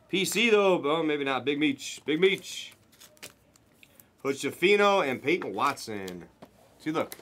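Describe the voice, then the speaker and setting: A man hosting a card break, chatting casually and rattling off pulls with excited running commentary. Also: a little high, a little slow, long pauses. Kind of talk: casual chat while opening cards.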